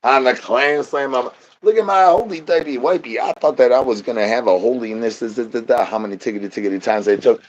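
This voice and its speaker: A man doing an absurd comic rant, rambling nonsense and doubling words in a sing-song way, with catchphrases he drags out into a slow chant. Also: mid-range voice, muffled recording.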